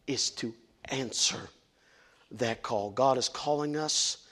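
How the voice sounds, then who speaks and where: A man's voice: medium pitch, takes it slowly, fairly bright tone, slightly rough. A middle-aged man preaching a sermon, fervent and emphatic, now and then stumbling over his words. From West Virginia, USA. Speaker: lay preacher.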